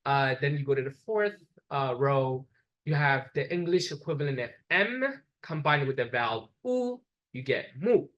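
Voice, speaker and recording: A man's voice: medium pitch, expressive, normal speed, a bit bright, highs cut off. A man giving a classroom lecture, explaining step by step and repeating examples so the class can follow.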